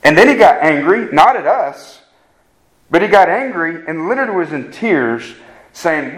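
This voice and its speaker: A man's voice: a little high, very animated, moderate pace, a bit bright, low-quality recording. A man preaching a sermon as pastor, earnest and emphatic, often checking in with the congregation and restarting his words. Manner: repeats words when starting sentences.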